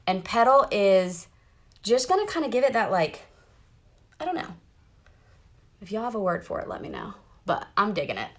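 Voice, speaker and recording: A woman's voice: medium pitch, big pitch swings, brisk, a bit bright. A woman, chatting bubbly and direct to viewers during a casual live makeup tutorial, sitting in a car. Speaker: makeup seller doing a live demo. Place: parked car.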